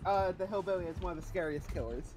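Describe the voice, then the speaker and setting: A man's voice: high-pitched, fast talker. A man co-hosting a game stream, teasing his friend with playful, laughing commentary.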